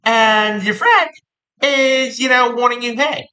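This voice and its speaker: A woman giving a casual tarot reading, animated and playful, often repeating words for emphasis. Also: a little high, slow, rough recording. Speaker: tarot reader.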